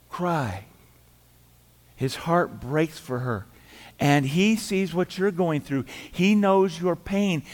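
A middle-aged man preaching a sermon as pastor, telling the story in a conversational way, acting out quoted voices and dropping quiet for emphasis. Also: a little high. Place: church sanctuary. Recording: church hall reverb.

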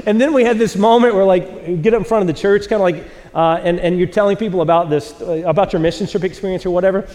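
A pastor in his forties preaches a sermon to a live audience in a church auditorium, telling a self-mocking story loosely and casually while acting out the quotes. His voice sits high and warm, he talks fast with few pauses, and the big hall adds a long reverb.

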